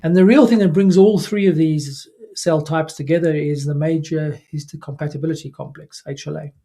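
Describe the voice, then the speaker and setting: A man, a neurologist, giving a recorded scientific lecture in a measured way, with frequent fillers and self-corrections. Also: on the high side, fairly even intonation, mellow. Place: remote recording away from the audience.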